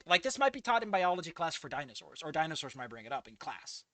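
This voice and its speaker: A man's voice: fairly high pitch, very animated, fast, bright, forceful tone, no echo. A man giving casual commentary on a fan fiction he reads aloud, ranting in a profane, exasperated way.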